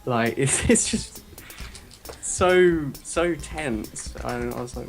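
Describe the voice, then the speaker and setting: A man's voice: mid-range voice, slow, creaky, soft background music. A young man telling a story in a casual podcast chat, acting out the quotes. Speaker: podcast co-host.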